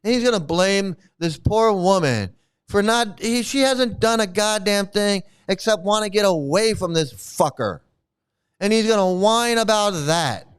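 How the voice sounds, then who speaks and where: High, smooth-voiced man ranting profanely. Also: expressive, unhurried. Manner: profane, mocking and angry. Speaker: host. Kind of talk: ranting commentary on a replayed stream.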